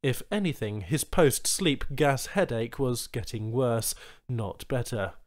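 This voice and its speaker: A man's voice: medium pitch, measured pace. A man reading a science fiction short story aloud as an audiobook narrator. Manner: expressive storytelling. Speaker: audiobook reader. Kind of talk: scripted narration.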